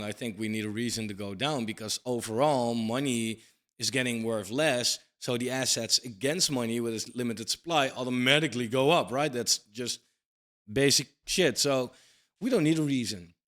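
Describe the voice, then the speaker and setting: A man in his thirties delivers a casual talking-head monologue on crypto, blunt and emphatic, swearing casually and ending points with "right?". His mid-range voice runs at normal speed and sounds a bit bright.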